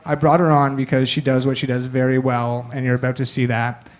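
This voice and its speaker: A man hosting a comedy show, introducing the next act with sardonic, brisk banter from the stage. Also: mid-range voice, flat delivery. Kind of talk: stand-up emcee introduction. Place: comedy stage, live audience.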